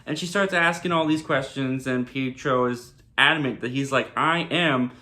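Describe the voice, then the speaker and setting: A man's voice: mid-range voice, steady tone, moderate pace, pushed and bright. A man giving a casual TV episode recap in a chatty way, full of "like" and "kinda". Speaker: TV reviewer.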